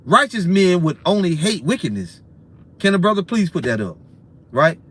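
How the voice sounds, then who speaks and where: A man with a high voice delivers a ranting sermon. He is profane and repetitive, ends phrases with "man", and lurches between loud bursts and quieter stretches. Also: big pitch swings, normal speed. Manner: profane, repetitive, swings in loudness and speed. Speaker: preacher.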